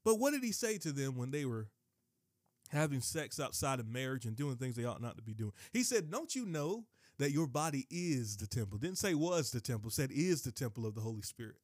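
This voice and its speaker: A man preaching on his podcast, animated, digressing and breaking into high excited exclamations. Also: a little fast, no room sound, studio quality. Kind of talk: sermon.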